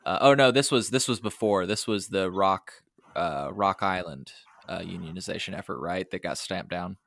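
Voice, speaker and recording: Low-voiced, casual joking male interviewer. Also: moderate pace, creaky, fairly bright tone, no echo, studio quality. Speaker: interviewer, podcast host. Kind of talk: conversational interview.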